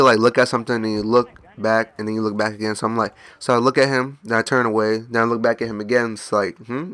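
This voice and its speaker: A man's voice: medium pitch, fairly bright tone, dry recording. A young man casually telling a rambling story, slipping into quoted voices along the way. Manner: rambling, laid-back anecdote with mock voices. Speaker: gaming channel host.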